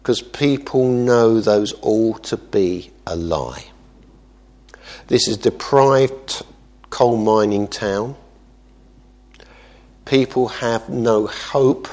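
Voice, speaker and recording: A man preaching as a pastor, earnest, moving between quiet asides and emphatic exhortation. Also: lowish voice, very slow, long pauses. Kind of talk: sermon.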